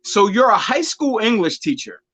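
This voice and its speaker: A man's voice: sits high, very animated, normal speed, a bit bright. A man hosting a podcast, asking questions in an upbeat way and laughing often. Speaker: podcast host. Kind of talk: casual podcast chat.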